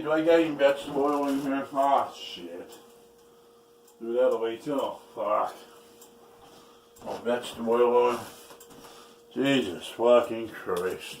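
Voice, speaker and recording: A man's voice: mid-range voice, creaky, far from the mic. A man cooking at home for a casual vlog, swearing often and grumbling in frustration. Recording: roomy, off-mic, faint background noise.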